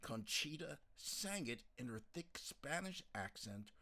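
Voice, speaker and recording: A man reads a novel aloud in a calm, measured way, taking his time over every sentence. His middling voice rises and falls in lively, expressive curves. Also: medium pitch. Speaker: narrator. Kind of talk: scripted audiobook narration.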